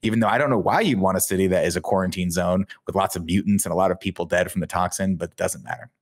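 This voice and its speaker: Brief: sarcastic male podcast host, lower voice, casual movie recap. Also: rapid-fire, no echo, studio quality. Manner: wry, sarcastic storytelling.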